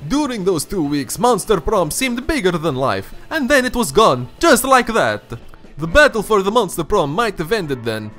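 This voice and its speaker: A man voicing a grand old vampire count in a mock Russian accent, reading an ending with theatrical, drawn-out delivery. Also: high voice, big pitch swings, sharp tone, soft background music, voice pushed up, full character voice.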